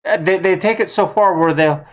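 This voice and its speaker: A woman's voice: fairly low pitch, normal speed. A woman giving a blunt, heated political opinion monologue, with some mild swearing. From United States. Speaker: vlogger.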